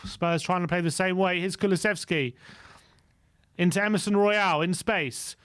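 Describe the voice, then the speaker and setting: A man calls a football match play-by-play as a fan co-host. His voice is high and clean, almost resonant. He keeps a running commentary and bursts into exasperation when play goes against his side. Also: normal speed, fairly bright tone, clear, resonant tone.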